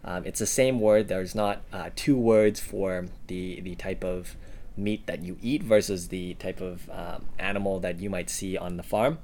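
A man co-hosting a relaxed language lesson, explaining example words with frequent ums and uhs. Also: deep voice, measured pace. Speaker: language teacher co-host. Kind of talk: casual instructional podcast.

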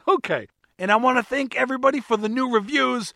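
A man's voice: very high voice, brisk, gravelly, bright, forceful tone, dry recording, clean studio sound. A man hosting a podcast on his own, upbeat and jokey with a self-mocking streak. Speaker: podcast host. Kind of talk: solo podcast chat.

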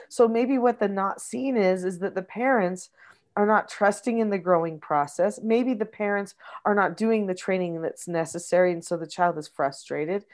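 A woman's voice: mid-range voice, a little mellow. A middle-aged woman, a mother, talking casually and reflectively about parenting, explaining her ideas with frequent restarts. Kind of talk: casual conversational advice.

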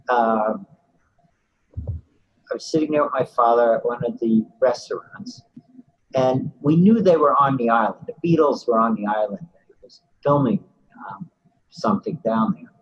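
An older man telling a story in a loose, rambling way and filling it with "you know" asides. His voice is husky and sits at a middle pitch. The recording sounds dull and lo-fi. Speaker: interviewee. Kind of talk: casual storytelling.

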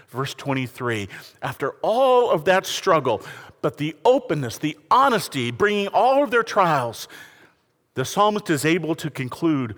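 A man preaching a sermon with a notably high, animated voice that swoops from hushed lows to emphatic highs. His words ring out in a large hall with a long reverb tail behind them. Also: unhurried. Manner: preaching with lively rises and falls, addressing the congregation. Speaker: pastor.

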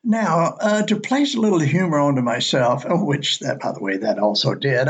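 An older man from Alabama with a slight Southern accent, slowly reading his own memories in a folksy storytelling way. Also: mid-range voice, a bit bright, breathy edge. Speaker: listener sharing memories.

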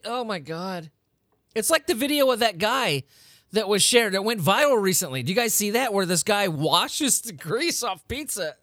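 A man's voice: sits high, expressive, moderate pace, a bit bright, dry recording, studio quality. A man hosting a weird-news podcast, ranting casually with lots of profanity and incredulous outbursts. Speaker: podcast host. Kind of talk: casual comedic rant.

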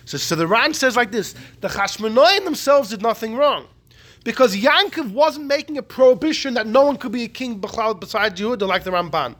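A man teaching a Talmudic class, animated and repeating his key points. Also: high voice. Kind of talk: Talmudic lecture.

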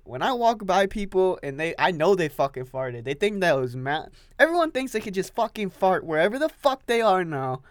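With a coffee in hand, a young man stands and hosts a solo podcast, rambling, swearing and saying things more than once. His voice is fairly high, captured as a dry recording with clean studio sound.

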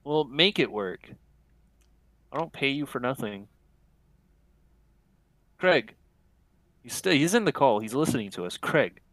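Playful young man with a lively voice. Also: medium pitch, measured pace, pauses often, no room sound. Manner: playful and jokey, laughs easily. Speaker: podcast co-host. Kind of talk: casual podcast chat.

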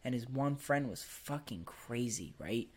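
A man's voice: medium pitch, expressive, measured pace. Crude, laughing man telling stories. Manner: crude, rambling storyteller who laughs a lot. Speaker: podcast host. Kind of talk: casual podcast chat.

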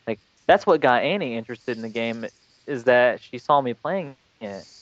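A man's voice: medium pitch, expressive, normal speed, no room sound, lo-fi sound. A man co-hosting a gaming podcast, talking in a thoughtful, rambling way with lots of fillers. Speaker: podcast co-host. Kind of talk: casual gaming podcast chat.

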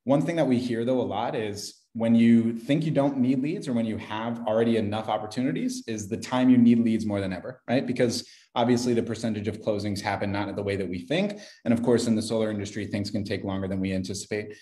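A man's voice: on the low side, quick pace, few pauses, mellow. A man making a cold sales call, upbeat and chummy in manner. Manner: upbeat, chummy, says bro a lot. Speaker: sales caller. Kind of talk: cold-calling sales pitch.

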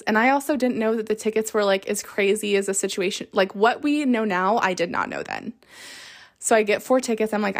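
Woman, 30s, podcast host; casual, excitable storyteller. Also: mid-range voice, normal speed. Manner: chatty, excitable, lots of fillers like "like". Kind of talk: casual chat.

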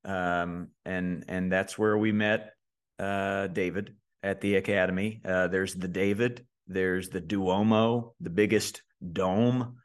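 A man, co-hosting a podcast and telling a story in a relaxed way, with lots of fillers and restarts. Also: low voice, slow pace. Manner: laid-back storyteller, many fillers and restarts. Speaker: podcast co-host. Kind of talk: casual podcast chat.

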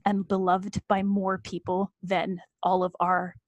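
A woman's voice: mid-range voice, level tone, measured pace, no room sound. Earnest, emphatic woman in her thirties. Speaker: podcast co-host. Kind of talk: casual chat.

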